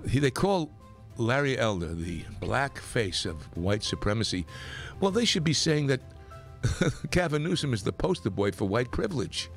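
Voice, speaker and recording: A man from New York hosting a talk radio show, delivering a rambling, opinionated monologue that gets more animated as he goes. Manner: animated, rambling, pitch climbs when worked up.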